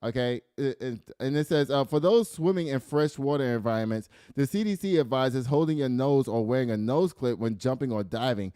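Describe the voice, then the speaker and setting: Reading news items aloud before laughing and riffing on them, a middle-aged male host keeps his casual commentary lively. He has a clean, mid-range voice, captured at studio quality with no echo.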